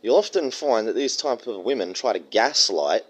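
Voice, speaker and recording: A man giving a profane, mocking rant. He often mimics other people in high, jeering tones. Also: expressive, moderate pace. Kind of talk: crude reaction commentary rant.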